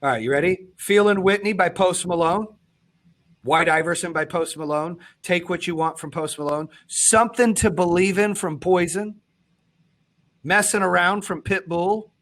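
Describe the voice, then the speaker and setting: A man hosting a podcast, talking bluntly and with profanity, swinging between loud pushes and low, quiet stretches. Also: moderate pace. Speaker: podcast host. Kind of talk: intense motivational podcast talk.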